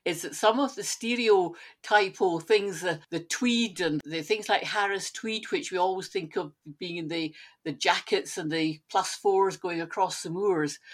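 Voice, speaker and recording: A Scottish woman with a fairly low voice co-hosting a casual chat. She speaks with enthusiasm and readily agrees with the others. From Scotland. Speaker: podcast co-host.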